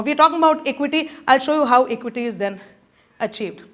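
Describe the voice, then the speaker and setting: In a conference room, a middle-aged woman gives a motivational speech with animated energy, repeatedly coaxing the audience to join in. She speaks quickly in a high, bright voice.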